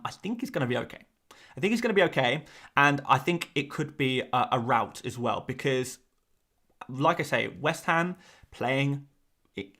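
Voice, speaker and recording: A man with a mid-pitched voice chats loosely to his audience on a live stream. He rambles, restarts and repeats phrases as he thinks aloud. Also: fairly bright tone. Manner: chatty, rambling, repeats himself. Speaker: fantasy football streamer. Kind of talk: casual live stream chat.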